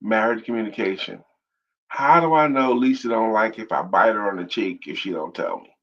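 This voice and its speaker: A man co-hosting a casual talk show with his wife, a playful, teasing storyteller with a husky voice. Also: on the low side, moderate pace, a bit bright, dull audio. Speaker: co-host.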